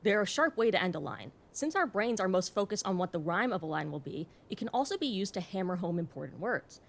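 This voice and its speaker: A woman hosting an educational video, narrating from a script in a clear, explanatory way with the occasional wry aside. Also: medium pitch, animated, fairly quick, music in the background. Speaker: host.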